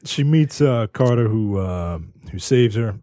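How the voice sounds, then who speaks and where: A man's voice: lowish voice, lively intonation, a little slow, dark tone, no echo, studio quality. A man co-hosting a movie podcast, recapping the plot and joking, with frequent laughs. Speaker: podcast co-host. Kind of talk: casual movie-review chat.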